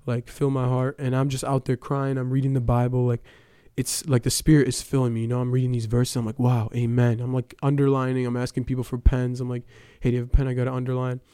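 A young man tells his church testimony in a relaxed, rambling way, leaning on fillers and retelling conversations. His voice is smooth and mellow, with little rise and fall. The sound is close and dry. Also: medium pitch, fast talker, no echo. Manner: casual, storytelling with many fillers. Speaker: church youth member giving testimony. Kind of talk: personal testimony.

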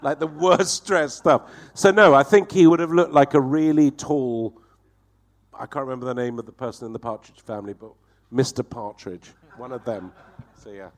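A man telling a profane, animated comic anecdote as a guest on a talk show, acting out the voices in his story. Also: medium pitch, moderate pace.

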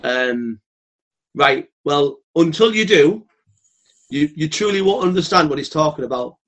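Outspoken man, podcast guest, slightly high voice, blunt and sweary, animated storyteller. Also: a little slow. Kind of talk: casual podcast chat.

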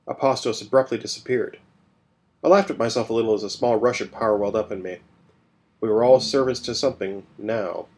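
A man's voice: on the low side, fairly quick, a little mellow. Man narrating first-person audio fiction. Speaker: narrator and podcast host.

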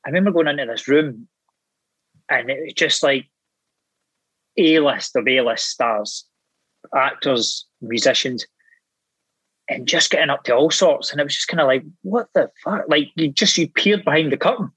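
A Scottish man in his thirties, an actor guest telling animated, sweary anecdotes with laughing asides in casual chat. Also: medium pitch, normal speed, long pauses, breathy edge, no room sound, rough recording. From Scotland.

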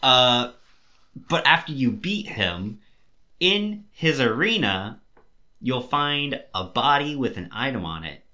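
A man's voice: mid-range voice, sing-song, slow pace, bright, forceful tone. A young man hosting a podcast who rambles with enthusiasm, full of fillers and restarts. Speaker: podcast host. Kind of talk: casual chat.

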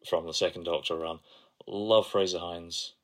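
A man's voice: sits low, fairly even intonation, moderate pace. A young man co-hosting a podcast, sharing analysis and trivia in casual chat. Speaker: podcast co-host.

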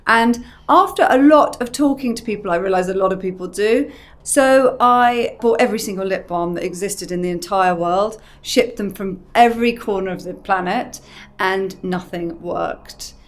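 A woman in her thirties talks through her working life in a relaxed, chatty interview. She tells her stories with lively energy and drops in quick voices for the people she quotes. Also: medium pitch. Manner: animated storyteller who acts out quoted voices. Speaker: makeup artist and brand ambassador. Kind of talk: casual chat.

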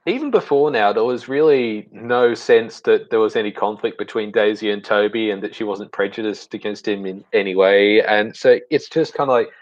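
A man's voice: lowish voice, moderate pace, few pauses, lo-fi sound. A man co-hosting a casual online podcast, hesitant and puzzled. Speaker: podcast co-host.

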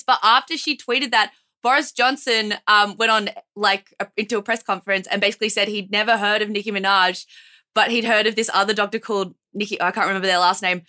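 Aussie woman, high voice, super chatty comedy podcast guest. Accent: Australian. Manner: chatty, animated, quick to laugh. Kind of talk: casual comedy podcast banter.

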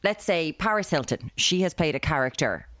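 A woman co-hosting a podcast in casual chat, reacting with animated disbelief. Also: low voice, normal speed. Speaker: podcast co-host.

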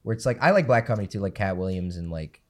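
A guest comedian from the United States chats loosely on a podcast. His voice sits a little low, and he rambles through jokes with plenty of filler words. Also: animated, quick pace. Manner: rambling, filler-heavy joking. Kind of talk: casual podcast banter.

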